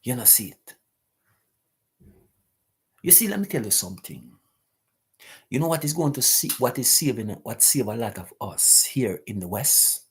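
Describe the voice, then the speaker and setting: Husky man preaching. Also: mid-range voice, very animated, moderate pace, pauses often. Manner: preachy, emphatic, repeats rhetorical questions. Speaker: host of a live talk stream. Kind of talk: live-stream talk, answering chat.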